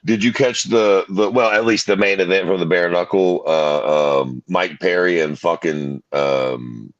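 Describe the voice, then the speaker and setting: A man's voice: sits low, unhurried, no echo. A man co-hosting a casual podcast, telling stories with a lot of swearing and fillers. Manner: profane, lively storytelling with lots of fillers. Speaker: podcast co-host. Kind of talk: casual chat. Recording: dry, muffled mic.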